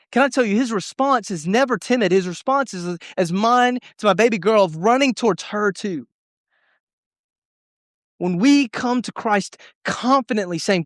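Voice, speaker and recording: A man's voice: high voice, normal speed, dry recording, clean studio sound. A young man preaching a sermon to students, telling a personal story earnestly and emotionally, with frequent restarts. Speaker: youth pastor.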